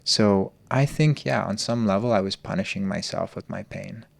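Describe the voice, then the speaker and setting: Man, earnest storytelling, gravelly low voice, dry close sound. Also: dry recording. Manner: earnest, open, slow and searching. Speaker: podcast guest, healer. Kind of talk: reflective personal storytelling.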